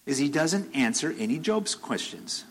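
A man's voice: on the high side, big pitch swings, moderate pace, breathy edge, low-quality recording. A man preaching a sermon in a conversational way, repeating phrases and rising into emphatic bursts.

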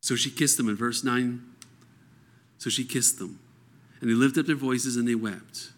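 A man's voice: medium pitch, steady tone, normal speed. A man reading scripture aloud and explaining it verse by verse in a conversational teaching style. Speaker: Bible teacher.

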